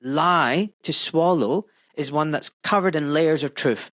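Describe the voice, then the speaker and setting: A man's voice: a little high, unhurried, fairly bright tone, no echo, studio quality. A man hosting a podcast interview, talking emphatically and swearing when worked up. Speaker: podcast host. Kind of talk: casual interview talk.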